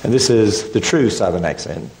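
A man's voice: lowish voice, expressive, normal speed, darkish tone, a little hiss or hum, rough recording. An older man with an Australian accent, giving a public lecture as guest speaker in a joking, conversational way. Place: university lecture room.

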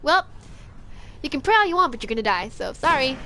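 Speaking very fast in a high, sing-song, slightly bright voice, a young woman provides live commentary on her video game stream. Jumpy and foul-mouthed, she panics, swears, and mocks the enemies she's fighting.

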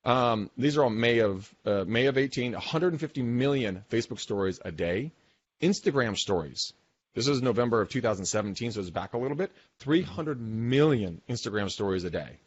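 A man co-hosting a podcast, talking in animated, emphatic casual business chat and swearing now and then. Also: medium pitch, a little fast, husky, no room sound, lo-fi sound. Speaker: podcast co-host.

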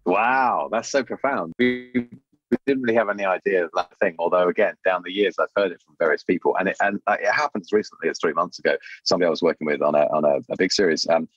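Male podcast guest, low raspy voice, animated storyteller, lo-fi dry line. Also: dry recording. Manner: lively, animated storytelling with quick voice changes. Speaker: guest, puppeteer and voice artist. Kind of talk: casual interview chat. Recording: dull lo-fi dry sound.

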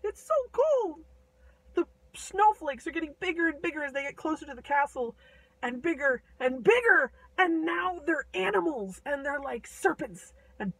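A woman's voice: high-pitched, animated, moderate pace, gravelly, fairly bright tone, no room sound, recorded from a distance, poor audio. A woman casually retelling a fairy tale in a chatty, irreverent way, full of fillers. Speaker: storyteller.

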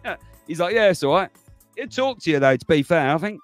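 A man's voice: a little high, animated, brisk, dry recording, faint music behind. A man hosting a livestream, chatting casually to viewers, rambling and laughing as he goes. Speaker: livestream host.

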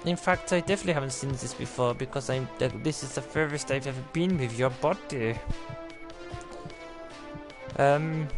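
A man's voice: mid-range voice, normal speed, pauses often, over music. A man giving playful, rambling commentary on a live game stream, talking like a clumsy surgeon and often restarting his sentences.

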